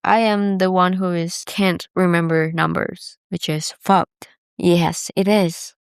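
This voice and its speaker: In a solo confessional podcast, a young host talks candidly and rambles, her speech heavy with "like." Her lowish voice is slow, level, and gravelly yet clear and resonant, recorded at studio quality with no room sound.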